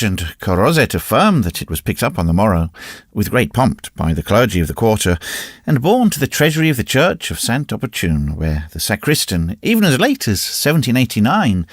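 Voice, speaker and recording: A male narrator reads a classic novel with a lively, swooping delivery that rises and falls widely. His voice has a slightly husky grain, recorded close and dry with no room around it. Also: medium pitch, no echo. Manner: expressive, varied reading. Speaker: audiobook narrator. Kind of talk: scripted narration.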